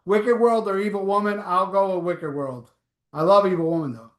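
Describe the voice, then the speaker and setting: A man's voice: high-pitched, normal speed, roomy sound. A man hosting a live stream, reading viewer comments aloud in a blunt, offhand, profane way. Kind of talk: casual live chat.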